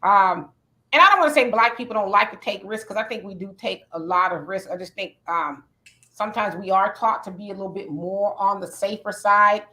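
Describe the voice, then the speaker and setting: A woman's voice: medium pitch, fairly quick, pushed and bright. A woman with a mid-range voice who hosts the show. She talks in an easy, conversational way and reads out listener comments. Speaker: podcast host. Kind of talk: casual chat.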